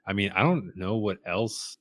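A man's voice: lowish voice, expressive, moderate pace. A man co-hosting a casual book podcast, thoughtful and talking through ideas with restarts. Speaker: podcast co-host discussing a book. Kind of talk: casual chat.

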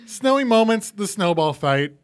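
A man co-hosts a casual movie podcast, excitable and quick to laugh. He often pokes fun at his own slips as he chats with his friends. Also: sits high, clear, resonant tone. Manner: excitable, laughing, self-mocking. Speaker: podcast co-host. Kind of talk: casual chat about a movie.

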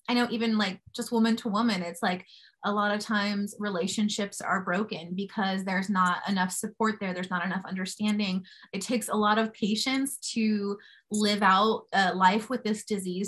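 A young woman co-hosts a podcast and closes with an effusive, encouraging tone. Her pitch sits right in the middle. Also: a bit bright. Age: young adult. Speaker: podcast co-host. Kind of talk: warm interview wrap-up.

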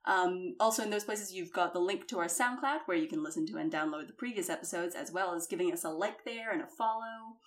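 A woman's voice: lowish voice, fast, few pauses. A woman with an American accent hosting a casual podcast, swearing freely and laughing often. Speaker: podcast host.

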